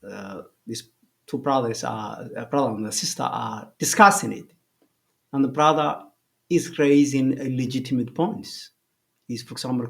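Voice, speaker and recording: A man giving an explanatory commentary, talking deliberately, often pausing and rephrasing himself. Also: medium pitch, gravelly. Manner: deliberate, rephrases and pauses with fillers.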